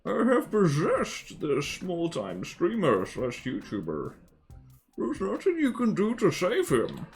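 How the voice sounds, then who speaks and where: A man's voice: sits high, huge pitch swings, slow, soft background music, voice pushed up, exaggerated voice. A man putting on a menacing, grandiose masked villain voice, speaking in a theatrical, threatening way.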